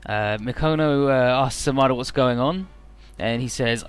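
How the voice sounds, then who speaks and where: A man's voice: medium pitch, normal speed, clear, resonant tone. A man casually commenting on a video game he is playing. He jokes and rambles, with lots of "uh" fillers. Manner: joking, rambling, many "uh" fillers. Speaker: video game let's player.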